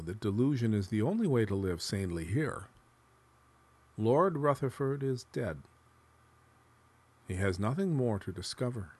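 Man, literary fiction reading, unhurried delivery, slightly raspy tone, musing and dramatic. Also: mid-range voice, no room sound. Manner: dramatic, shifting between musing and hushed tones. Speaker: narrator.

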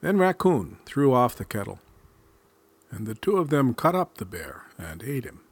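A man reading a folk tale aloud in a measured, expressive storytelling manner. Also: medium pitch, breathy edge, no echo.

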